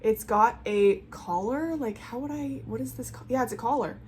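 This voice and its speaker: A woman's voice: on the high side, moderate pace, darkish tone, slight background noise. A young woman talking casually and enthusiastically at home, rambling in a knitting vlog. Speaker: knitting vlogger. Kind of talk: casual chat. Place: home room with colorful closet behind.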